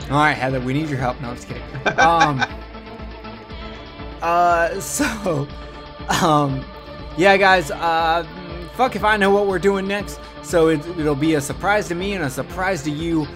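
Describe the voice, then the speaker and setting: A man's voice: fairly high pitch, measured pace, music in the background. A man hosting a horror podcast, wrapping up with casual, rambling and crude joking talk. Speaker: podcast host. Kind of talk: casual podcast outro chat.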